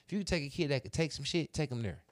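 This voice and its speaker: Animated profane man telling stories. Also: fairly high pitch, quick pace, no room sound, clean studio sound. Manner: animated, profane, drawling storyteller. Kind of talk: casual storytelling chat.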